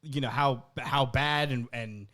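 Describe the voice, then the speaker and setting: A man's voice: mid-range voice, steady tone, unhurried, fairly bright tone. A man from New Jersey, co-hosting a podcast and telling a story in casual, profanity-laced chat. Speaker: podcast co-host.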